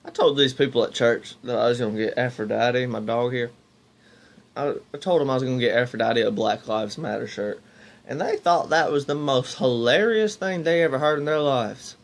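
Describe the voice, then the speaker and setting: A man's voice: medium pitch, normal speed. A young man, casually telling rambling stories to his viewers. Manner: rambling, restarts, talks to viewers as "y'all". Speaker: vlogger. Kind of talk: casual storytelling to camera.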